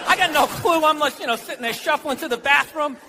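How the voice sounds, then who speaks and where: A man's voice: extremely high pitch, fast, sharp tone. A male American stand-up comedian doing a sarcastic, swearing rant in a comedy club, with a handheld stage mic. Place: comedy club stage before a laughing crowd. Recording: live club recording with crowd noise.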